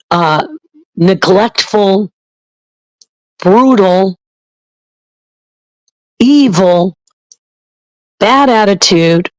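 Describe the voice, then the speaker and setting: A woman's voice: mid-range voice, no echo, rough recording. A woman vlogger giving a blunt, heated and emphatic ranting monologue to her channel.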